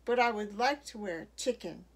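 A woman voicing a timid, quiet woman who speaks in a tiny voice. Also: medium pitch, expressive, normal speed, a little hiss or hum, close to an everyday voice. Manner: tiny soft voice.

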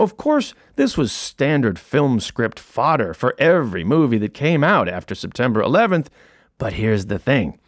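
A man's voice: fairly high pitch, no room sound. A middle-aged man, an author and comedian, reads his own book as comedic audiobook narration, with a wry, dry storytelling manner and punchline timing, close to a studio mic. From United States. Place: recording studio.

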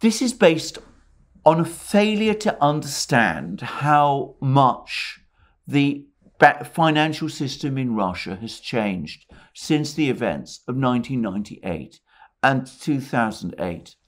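Measured male political commentator. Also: medium pitch, sing-song. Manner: measured, explanatory, with occasional restarts. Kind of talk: solo analysis monologue.

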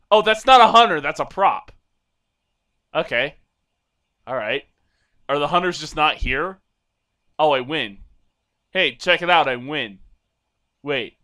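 A young man giving goofy, rambling solo commentary over a video game, now and then breaking into loud silly shouting. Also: fairly high pitch, expressive, slow pace, long pauses, no echo, studio quality. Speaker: gameplay commentator. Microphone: desk microphone.

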